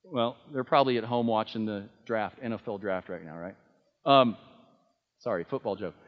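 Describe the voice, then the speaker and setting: A man's voice: lowish voice, moderate pace, in a large hall, lo-fi sound. A man preaching a sermon, earnest and emphatic, with frequent fillers and restarts. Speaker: pastor.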